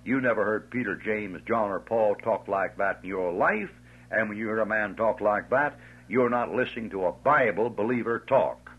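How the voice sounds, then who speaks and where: Fiery preacher guy, low husky voice, scornful, hammers his points, tinny old tape sound. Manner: emphatic, scornful, drawn-out stresses. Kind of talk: fiery sermon.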